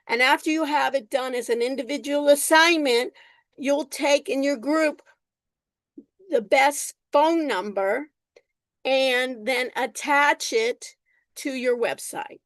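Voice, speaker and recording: A woman instructor lecturing her class over a video call, unhurried, often repeating herself and calling on students by name. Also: high voice, a bit bright, no room sound. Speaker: college instructor.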